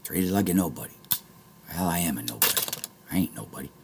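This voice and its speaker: Gravelly low-voiced man ranting to viewers. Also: lively intonation, quick pace, slight background noise. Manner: rambling, swings from muttering to shouting angrily, swears often. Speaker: vlogger. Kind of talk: rambling monologue to viewers.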